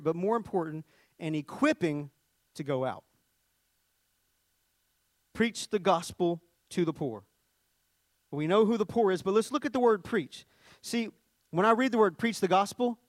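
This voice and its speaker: A man's voice: high voice, no echo. A man preaching a sermon in a conversational teaching manner, often starting with "see" and restarting phrases as he explains word meanings.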